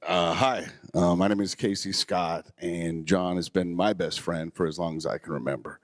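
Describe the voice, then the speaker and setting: Guy giving a heartfelt memorial speech, kinda low voice, emotional, lots of ums, dry close sound. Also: steady tone, normal speed, no echo. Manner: emotional, warm storytelling with fillers. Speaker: memorial speaker. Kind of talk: heartfelt personal storytelling.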